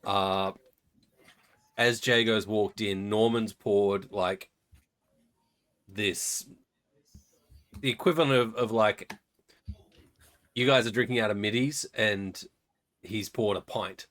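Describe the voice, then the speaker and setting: A man with a fairly low voice runs a tabletop game session, stopping and restarting often with loose fillers. He laughs at his own jokes as he describes the scene. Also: steady tone, slow, long pauses, a bit bright. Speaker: game master.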